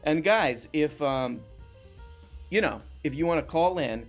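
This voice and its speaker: Deadpan, gravelly male show host. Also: a little high, measured pace, soft background music. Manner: deadpan straight man, flatly repeating the guest's claims. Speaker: host of a comedy call-in show. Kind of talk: deadpan comedic interview.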